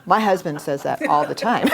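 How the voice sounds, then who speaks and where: A middle-aged woman runs an interactive workshop. Her voice sits a little low, and she speaks expressively, with easy laughter between points. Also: moderate pace, a crowd in the background. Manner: expressive, animated, talks with laughs. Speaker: workshop trainer.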